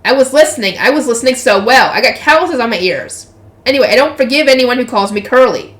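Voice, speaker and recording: A woman's voice: fairly high pitch, expressive. A woman reading the part of a brash, boastful young male adventurer who picks fights and throws insults. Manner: loud, picky, quick to insult. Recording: echoey room.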